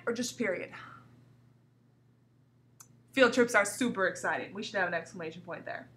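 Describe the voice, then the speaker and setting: A woman teacher giving a recorded grammar lesson to young pupils, reading example sentences aloud with marked pauses and coaxing the class with questions. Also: mid-range voice. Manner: lively, coaxing questions to students. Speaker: elementary school teacher.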